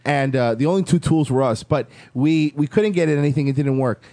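A man telling a story in casual chat, animated and swearing, acting out the lines of the people in it. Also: a little high, brisk, no echo. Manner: animated, swearing, acts out quotes.

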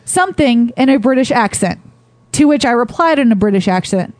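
A woman's voice: a little high, lively intonation, a little fast, darkish tone. A woman co-hosting a podcast, chiming in eagerly to tell a shared story. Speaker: podcast co-host. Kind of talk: casual storytelling chat.

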